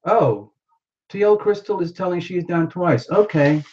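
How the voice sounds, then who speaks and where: A livestream host with a medium-pitched voice chats casually at a measured pace, with lo-fi sound. Full of exclamations, the host excitedly greets viewers by name while scrambling to follow the chat.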